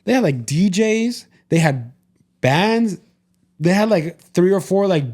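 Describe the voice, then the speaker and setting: Rambling man podcast co-host, higher voice. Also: animated, slow, darkish tone. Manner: rambling, self-correcting storytelling, addresses listeners. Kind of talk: casual chat.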